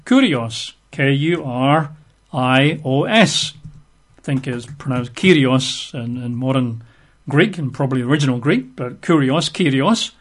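A man's voice: mid-range voice, expressive, measured pace. A man teaching a Bible study in a methodical way, spelling out words letter by letter and posing rhetorical questions. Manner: rhetorical questions, emphatic asides.

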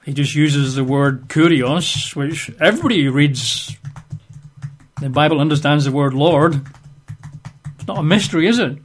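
A man teaching a Bible study in a methodical way, spelling out words letter by letter and posing rhetorical questions. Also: a little high. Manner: rhetorical questions, emphatic asides.

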